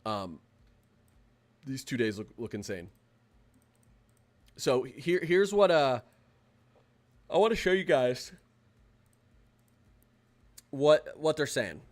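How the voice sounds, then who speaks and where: A young man hosting a live weather stream, talking in an excitable, rambling way with lots of fillers and restarts. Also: medium pitch, takes it slowly, pauses often. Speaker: weather livestream host. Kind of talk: casual livestream commentary.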